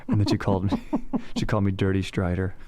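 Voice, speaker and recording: A man's voice: deep voice, huge pitch swings, quick pace, mellow. Slangy bro-ish male movie reviewer. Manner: slangy, bro-ish, says dude a lot. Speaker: host. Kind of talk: casual movie review chat.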